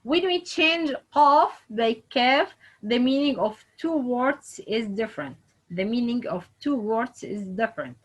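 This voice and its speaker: A woman teaching Quran recitation in slow, repetitive English with phrasing. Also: on the high side, animated, low-quality recording. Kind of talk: online lesson.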